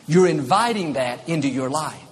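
A man's voice: a little high, animated, normal speed. A man preaching an emphatic, repetitive sermon, recorded in a large hall. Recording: reverberant hall, faint ambience.

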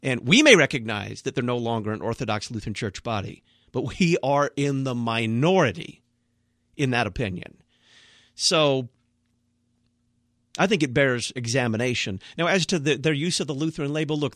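A man's voice: mid-range voice, animated, moderate pace, a bit bright, dry recording, clean studio sound. Blunt, emphatic male pastor. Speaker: pastor, radio guest. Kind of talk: radio talk show discussion.

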